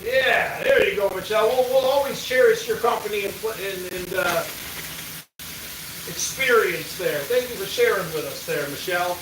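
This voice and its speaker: A man hosts a casual stream, teasing his viewers in an easygoing way with plenty of swearing. His voice sits high. It comes from a distance in an echoey spot, with faint noise underneath. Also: moderate pace. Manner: laid-back, teasing, swears freely. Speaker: livestream host. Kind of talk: casual chat.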